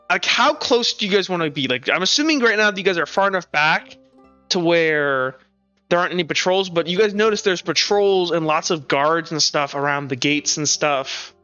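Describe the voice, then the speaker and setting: Bright-voiced man running a tabletop game. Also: sits high, animated, fairly quick, smooth, dry recording, highs cut off, faint music behind. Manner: rambling, filler-heavy narration. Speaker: game master.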